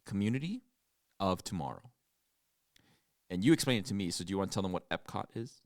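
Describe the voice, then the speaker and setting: Man, casual podcast chat, deep-ish voice, swooping animated delivery, dry room. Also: brisk, no room sound. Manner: animated storytelling, bursts into silly high impressions. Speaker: podcast co-host.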